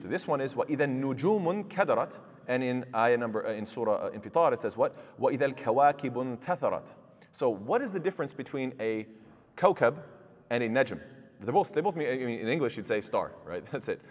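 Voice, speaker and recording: Man, quick-paced Quran lecture, rhetorical questions, reverberant mosque hall. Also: mid-range voice. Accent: recites Arabic verses in classical pronunciation. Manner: explains with rhetorical questions to the audience. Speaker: Quran teacher. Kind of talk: tafsir lecture.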